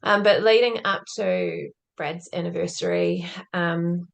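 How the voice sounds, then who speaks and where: A woman's voice: on the low side, a little slow, vocal fry. A woman as a podcast guest, telling a personal story in an earnest, reflective way and often saying "like". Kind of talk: conversational interview storytelling.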